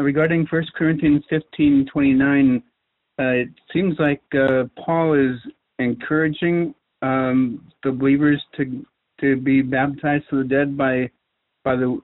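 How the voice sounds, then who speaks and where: Flat-voiced male caller on a phone line. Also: medium pitch, unhurried. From Washington. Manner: hesitant, full of fillers. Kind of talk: phone-in question.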